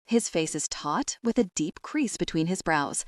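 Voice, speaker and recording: A woman narrating a comic novel in the first person, expressive and animated. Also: fairly low pitch, unhurried, no room sound, clean studio sound. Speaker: audiobook narrator.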